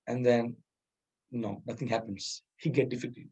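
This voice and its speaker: Husky man teaching soft skills. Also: mid-range voice, moderate pace, poor audio. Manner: chuckles often, Hindi words mixed into English. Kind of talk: informal lecture with storytelling.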